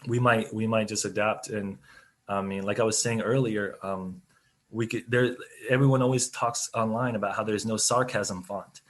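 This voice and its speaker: A man, a company CEO, giving conversational, explanatory answers in an interview over a video call. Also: fairly low pitch. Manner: conversational, explanatory, laughs easily.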